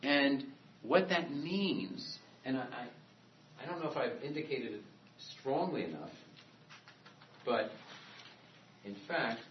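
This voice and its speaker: Taking his time, a man with a medium-pitched, expressive voice talks through a classroom lecture, chatting discursively and often circling back to restart. He's picked up from a distance in a reverberant room, so the sound is dull and muffled, with a bit of background noise.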